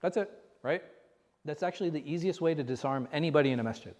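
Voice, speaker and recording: Imam chatting through a mosque class. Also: male voice, fairly high pitch, fast talker, darkish tone. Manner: chatty, asks the room rhetorical questions. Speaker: imam and teacher. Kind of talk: conversational religious class. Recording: reverberant hall.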